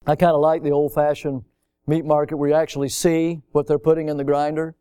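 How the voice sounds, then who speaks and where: Emphatic preaching man with a high voice. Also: level tone, brisk, clear, resonant tone, dry recording. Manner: emphatic, repetitive preaching with swings from loud to hushed. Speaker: pastor. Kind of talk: sermon.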